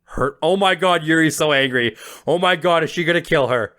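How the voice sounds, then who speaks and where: A man hosting a game playthrough, reading aloud and reacting excitedly with swearing. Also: a little high, a little fast. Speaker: let's play host.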